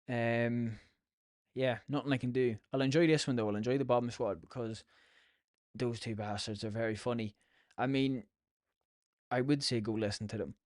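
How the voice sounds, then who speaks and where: A man's voice: medium pitch, darkish tone, no room sound, clean studio sound. An Irish man hosting a podcast, telling stories in a casual, rambling, sweary way. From Ireland. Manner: sweary, chatty storytelling. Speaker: podcast host.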